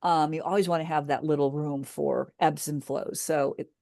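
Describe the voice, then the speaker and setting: A woman with a lowish voice talks as a business coach in a casual chat. She tells stories from her coaching calls, acts out what was said, and often restarts her sentences. The sound is dry and close. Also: steady tone, normal speed, gravelly, a little mellow, no echo. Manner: storytelling, acting out a client's words, many restarts.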